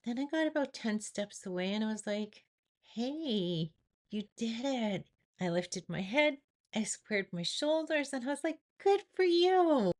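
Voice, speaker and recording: A middle-aged woman shares a personal story with her viewers. Her voice sits at an ordinary pitch for a woman. Her delivery is earnest and reflective, and she often acts out the things she said to herself. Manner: earnest, reflective, with acted-out inner quotes. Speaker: vlogger sharing personal story.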